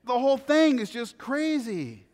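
A man preaching a sermon, telling funny everyday stories in a chatty, animated way. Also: very high voice, unhurried. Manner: conversational, animated, self-deprecating anecdotes. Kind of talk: sermon with humorous storytelling. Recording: long hall reverb.

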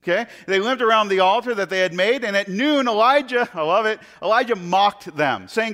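Brisk and hardly pausing, a pastor with a fairly bright tone preaches on a scripture story full of sarcastic jokes. He laughs at times and voices the quoted speech by shifting higher and lower.

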